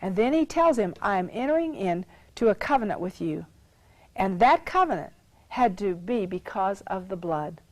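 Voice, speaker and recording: A woman Bible teacher preaching a teaching sermon at a middle pitch. She reads scripture aloud with rising emphasis and repeats key phrases to drive her point home. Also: sing-song, normal speed, no room sound, poor audio.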